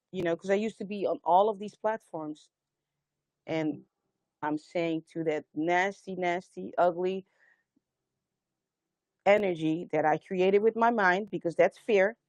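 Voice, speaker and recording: A woman's voice: fairly low pitch, darkish tone, no echo. A woman hosting a live spiritual stream, telling stories earnestly and rambling with many restarts, urging listeners to stand strong. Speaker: host of a live sound healing stream. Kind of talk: spiritual livestream talk.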